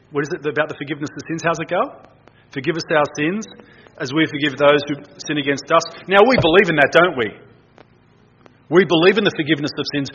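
A middle-aged man preaching a lively, conversational sermon in a church, acting out people's inner voices. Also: medium pitch. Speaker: guest preacher. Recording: dull, slightly noisy recording.

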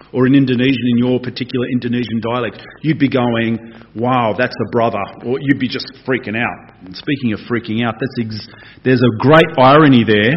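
A man preaching a conversational, animated expository sermon. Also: medium pitch. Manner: animated, conversational, acts out voices. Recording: dull lo-fi recording.

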